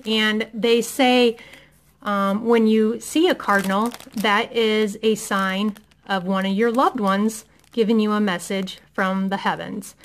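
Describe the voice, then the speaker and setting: A woman's voice: mid-range voice, steady tone, takes it slowly. A middle-aged woman from Indiana chatting enthusiastically through a product haul at home, with many ums. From Indiana, USA. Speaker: haul vlogger. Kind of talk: casual product haul chat.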